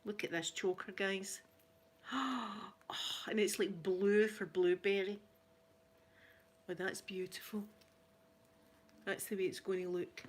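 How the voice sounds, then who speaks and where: A Scottish woman chatting through a gift unboxing at home, gushing and laughing easily, slipping between soft near-whispers and excited exclamations. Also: medium pitch, measured pace, long pauses. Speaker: ASMR vlogger. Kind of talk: casual unboxing chat.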